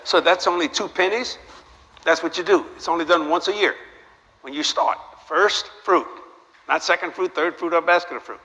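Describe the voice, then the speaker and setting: A man's voice: fairly high pitch, normal speed. An older man preaching a sermon to a live audience, telling stories with jokes and firing rhetorical questions at the crowd. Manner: animated, joking storytelling with repeated rhetorical questions. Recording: long hall reverb, faint background noise.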